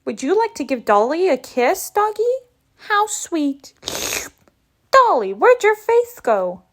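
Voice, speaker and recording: A woman's voice: high voice, big pitch swings, slow pace, voice pushed up, exaggerated voice. A woman voicing a sugary, smothering little girl in a storybook read-aloud, cooing in baby talk.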